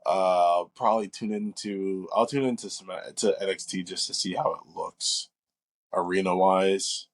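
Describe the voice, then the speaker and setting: Low-voiced man chatting casually about wrestling. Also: normal speed. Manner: relaxed, rambling, nitpicky. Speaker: podcast co-host. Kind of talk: casual wrestling review chat.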